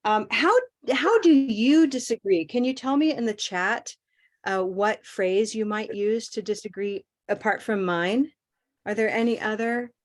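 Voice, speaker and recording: Encouraging woman teaching English pronunciation. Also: mid-range voice. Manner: encouraging, models phrases slowly and clearly. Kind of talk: online class coaching. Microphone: video call.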